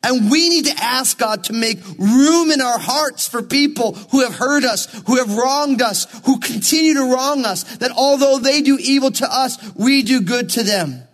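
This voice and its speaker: A man's voice: extremely high pitch, moderate pace, few pauses, a bit bright, big-room sound. A man preaching a sermon as pastor, reading scripture and acting out people's words. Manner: preaching with Bible readings, voicing characters in asides.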